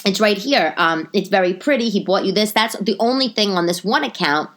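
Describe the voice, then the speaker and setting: A woman's voice: medium pitch, expressive, brisk, fairly bright tone, voice pushed up, natural voice. A woman voicing an eager, chatty female store clerk who pushes to be helpful.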